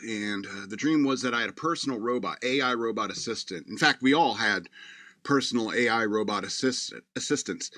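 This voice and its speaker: A man hosts his radio show in a loose, meandering monologue, circling back with fillers as he talks. His voice sits at an ordinary middle pitch. The sound is dry and close. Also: a bit bright, no echo. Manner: meandering, full of fillers and restarts. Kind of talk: casual rambling monologue.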